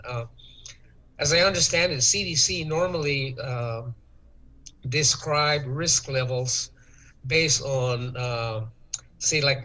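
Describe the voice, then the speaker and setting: A man answering interview questions in a measured, hesitant way, with many ums and uhs. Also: mid-range voice, bright, forceful tone, rough recording. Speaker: interview guest, tourism official. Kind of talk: talk-show interview.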